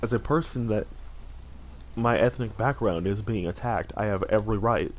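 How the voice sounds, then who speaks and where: While streaming a game, a man chats casually in an earnest, heartfelt way, rambling with plenty of fillers and restarts. His voice is on the low side at a moderate pace, and the recording quality is low.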